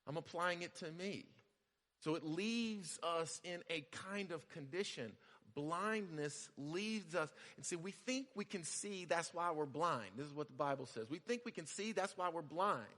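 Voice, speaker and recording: A male pastor preaches in a bright, fairly high voice, talking casually and repeating himself before rising to loud emphasis. His voice carries a long reverb from a church hall. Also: unhurried. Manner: conversational, repeats phrases, builds to loud emphasis. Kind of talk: sermon.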